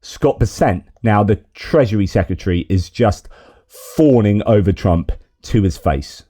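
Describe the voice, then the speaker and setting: A man's voice: on the low side, lively intonation, unhurried, dark tone. A man giving exasperated, indignant political commentary while reacting to video clips.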